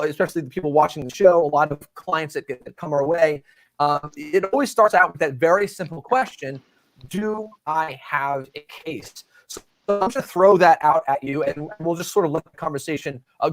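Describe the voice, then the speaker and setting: A man hosting a live show in a relaxed, chatty way. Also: on the high side, fairly quick. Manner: relaxed, chatty, laughs easily. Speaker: host.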